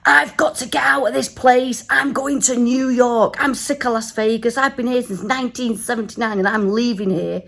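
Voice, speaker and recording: A woman voicing a chatty older male taxi driver with an American accent, loud and insistent. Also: very high voice, fairly even intonation, moderate pace, vocal fry, hardly any pauses, exaggerated voice.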